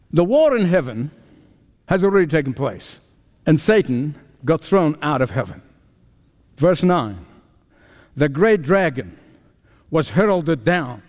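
A man's voice: high-pitched, darkish tone, long reverb tail. A man preaching a sermon as pastor, emphatic and prompting his listeners to finish his sentences. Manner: emphatic, asks the congregation to fill in words.

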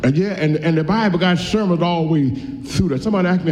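A man preaching a sermon in a folksy way, reading scripture slowly and then rushing through his asides. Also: fairly high pitch, darkish tone. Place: church. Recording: echoey hall, dull lo-fi sound.

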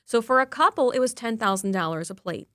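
A woman's voice: a little high, fairly quick, no echo. Chatty woman reporter, dry studio sound. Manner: lively, chatty storytelling. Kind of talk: casual on-air chat.

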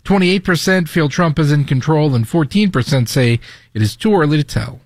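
A man on a talk radio show reads out poll results, brisk and matter-of-fact. His voice sits fairly high, and the sound is dry and close. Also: lively intonation, darkish tone, dry recording.

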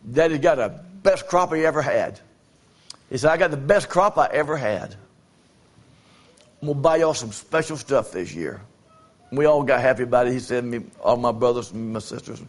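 A man preaching as an evangelist, telling folksy stories with halting fillers and repeated phrases. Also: medium pitch. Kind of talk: sermon.

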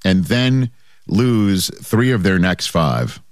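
Male sports radio host, low-pitched, jokey and loose, dry studio sound. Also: big pitch swings, takes it slowly, no room sound. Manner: playful, joking banter. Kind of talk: casual sports talk radio chat.

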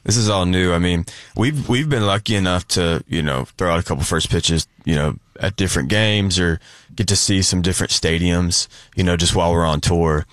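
A man's voice: deep voice, fairly quick, no room sound, clean studio sound. A young man from Nashville, a country singer guest, chatting casually with many fillers in a radio interview. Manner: easygoing, rambling with many fillers.

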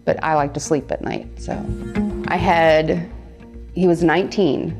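A middle-aged woman, a tattoo artist, telling stories in a casual, lively way and laughing often. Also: deep voice, a little slow, music in the background. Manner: lively, acts out quoted people, laughs often. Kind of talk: casual storytelling.

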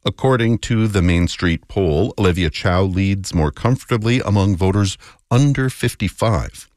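Male newsreader, deep voice, dry close studio sound. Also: darkish tone, dry recording. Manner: measured, authoritative delivery. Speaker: radio news anchor. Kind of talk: newscast reading. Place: radio studio. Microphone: close studio mic.

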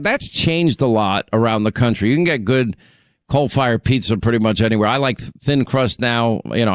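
A man's voice: medium pitch, no room sound, studio quality. A middle-aged man hosting a call-in radio show, chatting with callers, reminiscing and teasing them about their accents. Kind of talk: casual call-in chat.

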